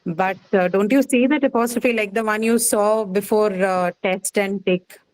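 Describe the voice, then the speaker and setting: A woman's voice: mid-range voice, moderate pace, a little mellow, dry recording, rough recording. A woman teaching phonetics in a classroom, explaining step by step and checking in with "right?". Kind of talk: classroom lecture.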